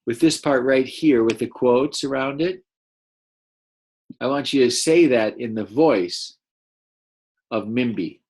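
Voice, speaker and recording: A man teaching a first-grade class, reading a picture book aloud and gently encouraging the children to read along. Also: medium pitch, takes it slowly, pauses often, slightly rough. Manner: gentle, encouraging, explains as he goes.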